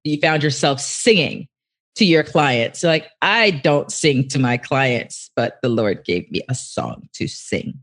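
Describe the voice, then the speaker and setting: A woman hosting a faith-based business podcast, upbeat and quick, laughing easily. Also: extremely low pitch, animated. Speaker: podcast host. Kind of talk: podcast interview chat.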